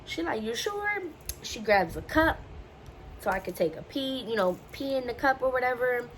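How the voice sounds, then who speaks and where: A woman's voice: fairly high pitch, moderate pace, rough recording. A young woman tells a personal story straight to her viewers in a loose, chatty way. She slips into other people's voices when she quotes them. A faint background hum sits under her voice. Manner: chatty, animated, acts out quotes. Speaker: vlogger. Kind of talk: casual storytelling.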